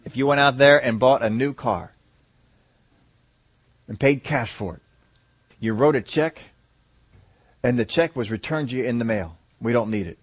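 A man's voice: medium pitch, unhurried, pauses often, slightly rough, no room sound. Man preaching with dry close sound. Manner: reads aloud, then explains with animated asides to the congregation. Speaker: pastor. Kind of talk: sermon with scripture reading.

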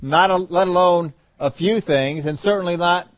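A man preaching a sermon who acts out voices calling names, swinging from loud calls to soft, low lines. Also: normal speed. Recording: dull lo-fi audio.

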